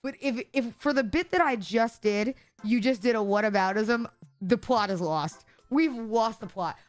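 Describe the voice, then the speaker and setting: Woman streamer, giggly, sarcastic, rambling, faint background music. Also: fairly high pitch. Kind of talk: casual live-stream chat.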